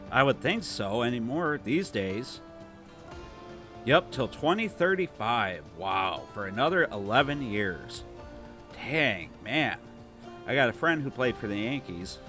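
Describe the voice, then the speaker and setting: A man's voice: mid-range voice, very animated, unhurried, sharp tone, soft background music. A man with a Toledo, Ohio accent hosting a casual gameplay livestream, chatting loosely and reading viewer comments aloud. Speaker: livestream host.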